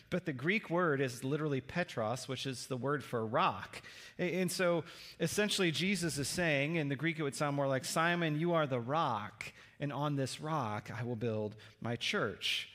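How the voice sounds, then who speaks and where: A man with a slightly high voice preaches a sermon in a chatty, storytelling way. He keeps turning to the listeners with questions. His voice rings out with the long reverb of a church hall. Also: a bit bright. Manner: conversational, asks the listeners questions. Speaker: pastor.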